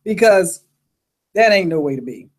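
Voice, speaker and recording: A middle-aged woman vlogger chatting casually, reading viewer comments and telling animated stories with frequent laughter. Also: lowish voice, moderate pace. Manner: animated storyteller who laughs often and acts out reactions. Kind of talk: casual chat.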